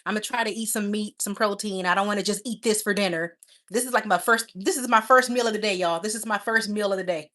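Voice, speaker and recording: A woman's voice: mid-range voice, quick pace, a bit bright. A woman hosting a casual livestream, chatting affectionately with viewers and laughing often. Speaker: livestream host.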